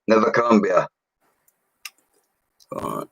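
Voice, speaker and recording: An Englishman in his forties chats on a live stream in a rambling, slangy way. His voice sits very low. It is recorded close and dry on a mic. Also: vocal fry, fairly bright tone, no echo, low-quality recording. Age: 40s. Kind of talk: casual live-stream chat.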